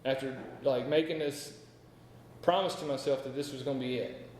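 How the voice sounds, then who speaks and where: A man's voice: medium pitch, steady tone, moderate pace, darkish tone, slight background noise. A man in his thirties from North Carolina, telling his recovery story to a meeting in a candid, rambling way, full of "like" and "right?". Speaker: AA speaker sharing his story. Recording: echoey hall with long reverb.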